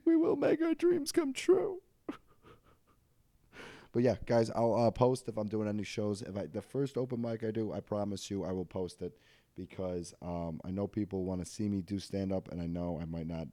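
Low, mellow-voiced young man rambling. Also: fairly even intonation, brisk, dry recording, clean studio sound. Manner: rambling, self-deprecating, filler-heavy. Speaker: podcast host. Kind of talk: casual podcast monologue.

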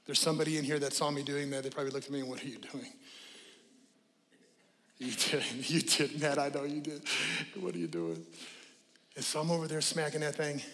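A middle-aged male pastor preaches a sermon with animated energy, swinging between shouted exhortation and joking asides. His fairly high voice moves fast with few pauses. It carries through a large church sanctuary with a long, trailing reverb.

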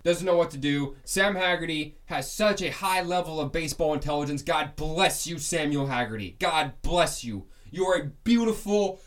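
Fired-up man ranting about baseball. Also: on the high side. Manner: heated, ranting, fan-biased; loose, rambling, many restarts. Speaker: sports podcast host. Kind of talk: solo sports podcast rant.

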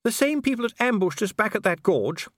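A man voicing a refined, kindly noblewoman who coaxes her husband gently and practically. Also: high voice, sing-song, brisk, no room sound, clean studio sound, voice pushed up, full character voice. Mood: brisk, concerned. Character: refined, kindly noblewoman, middle-aged wife.

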